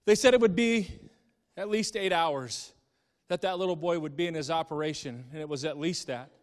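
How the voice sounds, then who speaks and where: A middle-aged man telling an emotional story from the pulpit, moving between hushed and impassioned delivery. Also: on the high side, normal speed, long reverb tail. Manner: dramatic, swings from hushed to impassioned. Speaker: speaker.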